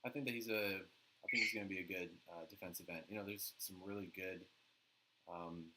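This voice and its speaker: A man co-hosting a sports podcast in casual chat, relaxed and steady as he leads each segment. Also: sits low, brisk, heavy background noise. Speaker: podcast co-host.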